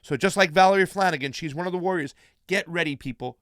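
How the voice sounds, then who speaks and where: Host, male, casual and chatty, reads shout-outs; slightly high, smooth, dry studio sound. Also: quick pace, no echo. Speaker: political show host. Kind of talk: casual live-stream chat.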